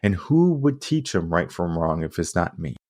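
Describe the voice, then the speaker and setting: A man voicing a wise male monk teacher who speaks in a measured, gentle but firm way while telling a story. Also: low-pitched, big pitch swings, dry recording, clean studio sound. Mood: calm firm.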